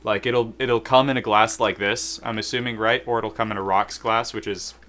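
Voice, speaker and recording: A man's voice: lowish voice, steady tone, moderate pace, sharp tone. A man in his twenties with a Southern American accent, chatting casually and joking to himself while mixing drinks. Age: 20s. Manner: rambling, self-deprecating, jokey asides. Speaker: bartender streamer.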